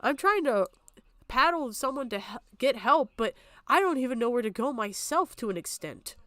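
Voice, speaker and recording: A woman's voice: on the high side, animated, normal speed, pushed and bright, no room sound. A young adult woman streaming, talking in an upset, tearful way and swearing often, close to crying. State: on the verge of tears. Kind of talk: emotional livestream talk.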